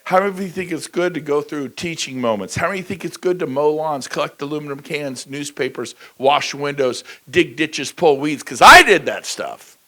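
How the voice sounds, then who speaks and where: A man giving a motivational stage talk at a conference, preachy and energetic, asking the crowd questions and bursting into shouts. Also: fairly high pitch, normal speed, few pauses. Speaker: motivational speaker. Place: large conference hall.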